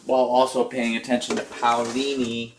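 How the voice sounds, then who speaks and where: A man's voice: medium pitch, completely flat delivery, moderate pace, slight background noise. A young man hosting a live stream, chatting casually, cheering and teasing his viewers. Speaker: livestream host.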